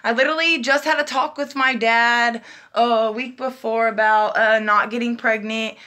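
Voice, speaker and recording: A woman's voice: a little high, fairly even intonation, moderate pace, bright, forceful tone. A young woman telling a personal story in a casual, chatty vlog style, acting out the voices of people she quotes. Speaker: vlogger.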